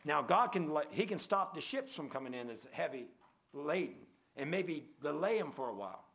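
Gravelly folksy male preacher. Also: very animated, normal speed. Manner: folksy preaching, rising loud then dropping low and quiet. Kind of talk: sermon.

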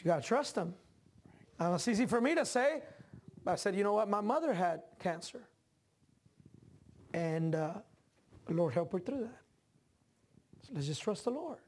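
Brief: male pastor, very high voice, lively sermon delivery with shouted peaks and chatty asides. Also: normal speed, long pauses. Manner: animated preaching that climbs to shouts; conversational asides to the congregation.

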